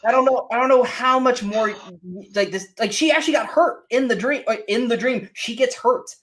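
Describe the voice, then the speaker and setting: A man co-hosting a casual movie review show, animated and mocking, often acting out quotes from scenes. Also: very high voice, fairly quick. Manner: animated, mocking, acts out quotes in silly voices. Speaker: podcast co-host.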